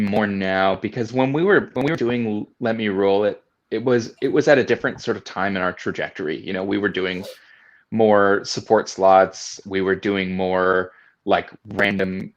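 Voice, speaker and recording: Lower-voiced man in joking banter. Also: highs cut off. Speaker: band member co-hosting a livestream. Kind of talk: casual livestream chat.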